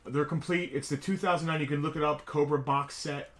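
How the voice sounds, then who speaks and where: A man's voice: on the high side, steady tone, fairly quick. A man co-hosting a casual toy chat show, laid-back and wisecracking. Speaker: co-host.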